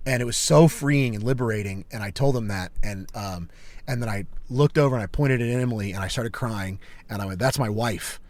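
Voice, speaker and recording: A man's voice: fairly low pitch, brisk. A man co-hosting a podcast, telling a personal story in casual chat, emphatic and peppered with "like" and "dude". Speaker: podcast co-host.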